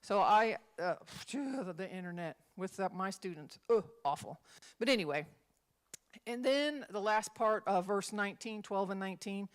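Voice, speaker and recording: A woman's voice: mid-range voice, lively intonation, a little slow. A woman minister and former schoolteacher leading a Bible study, talking conversationally and acting out example phrases in different tones.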